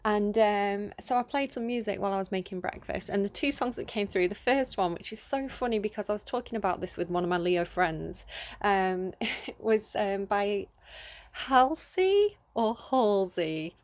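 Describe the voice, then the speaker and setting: A woman chats through a tarot reading, recorded on a phone. She talks in a loose, rambling way with many ums and side remarks. Her voice sits at a middling pitch. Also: normal speed. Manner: chatty and rambling, many fillers. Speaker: tarot reader. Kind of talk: casual tarot reading to camera.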